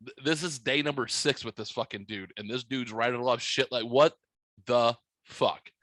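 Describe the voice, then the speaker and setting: A young man hosts a casual podcast, spinning a profane, wisecracking story. His voice is bright and forward, recorded dry and close with no room sound. He is at a middling pitch for a man. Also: fairly even intonation, normal speed, dry recording, rough recording. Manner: profane, joking smart-aleck storytelling. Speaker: podcast host.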